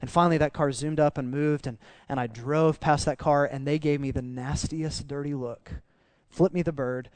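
A male pastor preaches with animated emphasis, often repeating phrases as he builds a point. His voice sits high for a man. The sound is dry and close-miked. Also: moderate pace, smooth, dry recording. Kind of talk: sermon.

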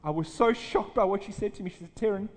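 High-voiced preacher in a hall. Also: male voice, quick pace. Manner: earnest, personal storytelling with restarts. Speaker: pastor. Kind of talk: sermon storytelling. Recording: reverberant hall.

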